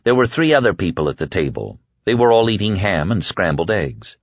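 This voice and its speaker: A man narrating an audiobook in a lively, expressive way. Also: sits low, fairly quick, no room sound. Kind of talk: scripted narration. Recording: dull, dry lo-fi recording.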